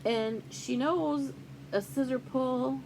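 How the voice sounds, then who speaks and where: A woman's voice: high-pitched, takes it slowly, darkish tone, a little hiss or hum, low-quality recording. An older woman hosting a casual cross-stitch vlog, chatty and rambling with fillers as she shows off gifts. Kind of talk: casual show-and-tell vlog.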